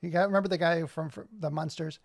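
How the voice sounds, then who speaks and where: A man's voice: a little high, fairly even intonation, fast talker, vocal fry. A man hosting a casual live stream from his computer, rambling and joking as he talks to his chat. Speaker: livestream host.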